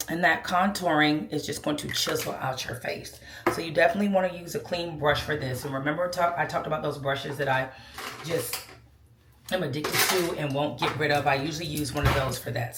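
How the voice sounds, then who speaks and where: A woman's voice: deep voice, a little hiss or hum. A woman giving a casual makeup tutorial, chatty and sassy, calling viewers girl and child. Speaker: beauty vlogger. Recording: echoey room.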